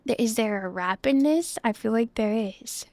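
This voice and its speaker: On a dry recording, a young woman with a fairly high, darkish voice streams live at a normal pace, chatting and giggling with viewers through a close desk mic. She's bubbly and full of chatty asides.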